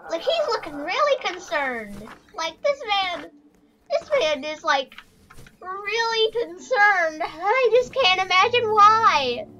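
In a comedic skit, a performer with a high-sitting voice plays a forgotten male animatronic bear, sulking in a slow, whiny, rambling, self-pitying way with an amused undertone. There's noise in the background.

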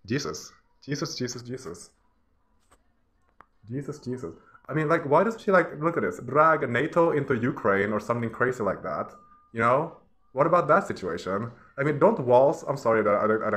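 A man in the middle of a scornful rant, talking at an ordinary pitch while he clicks through pages at his computer. He laughs and mutters as he goes, and his voice keeps swinging between loud outbursts and low grumbles. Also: moderate pace. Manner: mocking, ranting, laughs often. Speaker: vlogger. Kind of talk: casual ranting commentary while browsing.

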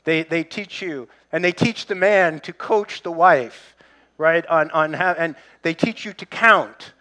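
A man's voice: on the high side, unhurried, sharp tone. A middle-aged male pastor preaching a sermon in a conversational way, with humor and asides to the congregation.

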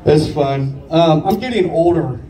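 A man in his late thirties doing stand-up, with a high but mellow voice and a loose, cursing, rambling way of telling stories. He sounds distant from the microphone, in an echoey room. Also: unhurried. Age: 30s. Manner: profane, rambling conversational delivery. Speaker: stand-up comedian. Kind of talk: stand-up storytelling set. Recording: echoey room picked up from far off.

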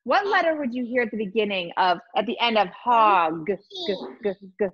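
A woman's voice: medium pitch, very animated, husky, lo-fi sound. Bouncy woman teacher, sing-song. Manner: encouraging, sing-song, sounds out letters slowly. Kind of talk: lively virtual lesson for young children. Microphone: video call.

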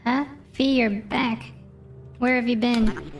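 A woman's voice: a little high, fairly even intonation, takes it slowly, far from the mic. A woman voicing a flustered, folksy game character hosting a housewarming party. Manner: exclaiming, folksy.

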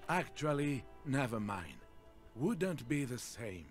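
An actor voicing a lonely old man in a game, speaking in a halting, sorrowful way. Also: medium pitch, sing-song, faint music behind. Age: older. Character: lonely old man, grieving behind a jolly front. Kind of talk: game voice acting.

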